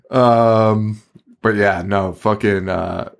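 A man co-hosting a podcast in casual chat, excitable, swearing a lot and laughing often. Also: fairly low pitch, very slow, gravelly. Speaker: podcast co-host.

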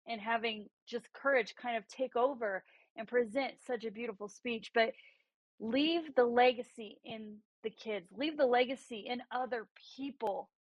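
A woman in her thirties with a fairly high voice, speaking as a guest over a remote call. She tells her story with passion and conviction. The sound is dry and close, with no room around it. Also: dry recording, rough recording. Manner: passionate, faith-driven storytelling. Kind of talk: livestream interview.

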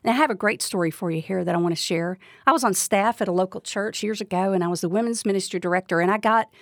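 A woman's voice: medium pitch, fast talker, no room sound, studio quality. A woman giving a devotional Bible teaching, speaking earnestly and asking the listener direct questions.

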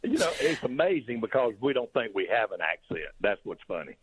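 A man's voice: mid-range voice, big pitch swings, a little fast, a bit bright, slightly rough. A man with a Southern US accent, a criminal defense attorney talking easily as a phone-in guest on a radio show. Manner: easygoing, drawling and folksy. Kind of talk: phone-in interview. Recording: tinny phone line.

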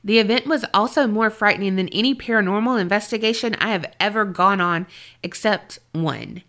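A woman podcast co-host reading a listener's paranormal story aloud and chatting, expressive and jokey. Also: medium pitch, brisk.

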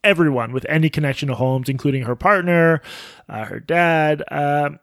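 Male podcast co-host, slightly high voice, deadpan sarcasm, dry close sound. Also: moderate pace, no room sound. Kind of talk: casual podcast banter.

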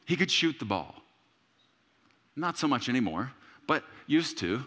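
A man in his thirties preaching a sermon as a pastor, telling a story with humor and bursts of shouting. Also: mid-range voice, sing-song, a little slow, pauses often, in a large hall.

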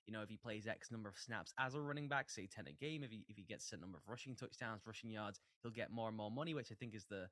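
Fast-talking man, sports analysis chat. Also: on the low side, a bit bright, no echo, clean studio sound. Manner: quick, analytical. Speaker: podcast co-host. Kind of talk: casual chat.

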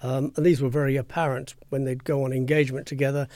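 An older man, a former royal press spokesman, telling anecdotes briskly and acting out the voices he quotes. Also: mid-range voice, flat delivery, darkish tone, no room sound, studio quality. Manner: brisk raconteur who acts out quoted voices. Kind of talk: anecdotal interview storytelling.

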